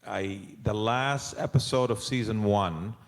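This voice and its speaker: A man, a guest actor, answering audience questions on a convention panel in a casual, animated way, with frequent restarts and laughs. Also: lowish voice, unhurried, long reverb tail. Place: large convention hall.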